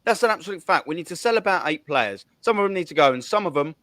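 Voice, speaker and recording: A man's voice: a little high, expressive, fairly bright tone, dry recording. A man, hosting a heated fan rant, swearing a lot and hammering his points home. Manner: fast, swearing, repetitive counting. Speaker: host.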